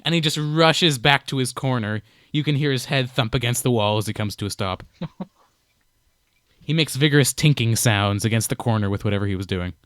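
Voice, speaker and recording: A young man narrating and explaining rules as game master of a tabletop game, relaxed and playful. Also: mid-range voice, fairly quick, clean tone, dry recording, clean studio sound.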